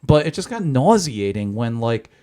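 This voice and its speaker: A man's voice: mid-range voice, sing-song, moderate pace, mellow. Guy cohosting a podcast, rants a lot, swears, says like every other word. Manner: ranting, swearing, full of fillers. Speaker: podcast co-host. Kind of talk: casual chat.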